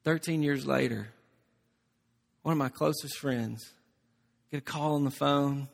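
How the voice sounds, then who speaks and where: A man preaching a sermon as pastor, shifting from soft, intimate stretches to loud, emphatic ones. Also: mid-range voice, unhurried, gravelly. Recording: long reverb of a large hall.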